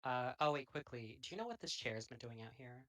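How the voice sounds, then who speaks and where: Give me a bright, quick, offhand tabletop player. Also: medium pitch, animated. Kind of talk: in-character tabletop play.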